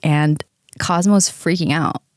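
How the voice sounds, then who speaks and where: A woman's voice: low voice, fairly even intonation, takes it slowly, dry recording, clean studio sound. A young woman hosting a podcast, casually telling a personal story, candid, swearing freely and laughing often. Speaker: podcast host.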